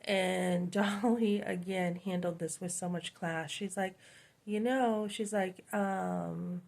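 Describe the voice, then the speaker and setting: A woman's voice: lowish voice, steady tone, a little slow, creaky, a little mellow. Chatty woman. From New Hampshire, USA. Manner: chatty, frequent "um" and "you know", rambling. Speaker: channel host. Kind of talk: casual storytelling monologue.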